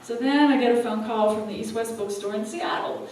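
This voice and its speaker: A woman's voice: a little high, fairly quick, a little mellow. Laughing woman telling a story in an echoey hall. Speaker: spiritual teacher and speaker. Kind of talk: storytelling talk to a live audience. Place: event hall. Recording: echoey hall, from far off, faint room noise.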